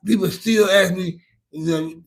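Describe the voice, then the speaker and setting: A man's voice: sits high, fairly even intonation, measured pace. A middle-aged man with a Louisiana accent, chatting casually with his stream audience in a laid-back, rambling, profane way. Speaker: livestream host answering chat. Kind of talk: casual chat.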